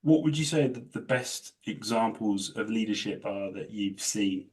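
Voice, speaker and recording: Low-voiced male podcast host. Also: a little slow. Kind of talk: interview questions.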